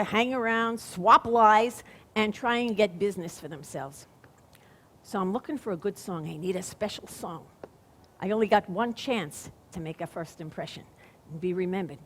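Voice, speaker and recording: A woman's voice: mid-range voice, lightly acted. An actress playing a chatty, wisecracking stage comedienne with a Brooklyn accent, in a one-woman stage monologue. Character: Fanny Brice, wisecracking female stage comedienne. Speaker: stage performer. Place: theater stage.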